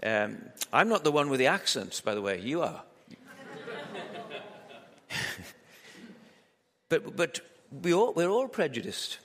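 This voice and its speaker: A man's voice: a little high, sing-song, slow pace, long pauses, fairly bright tone. A man preaching a sermon at a church camp in a conversational, joking way, asking his listeners lots of rhetorical questions. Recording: echoey hall with long reverb.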